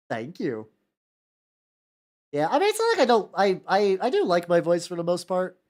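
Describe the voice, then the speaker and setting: A young American man hosts a casual painting stream, talking fast in a high, darkish voice with huge swings in pitch. He rambles and jumps between topics, laughing often, stammering, repeating words and restarting sentences.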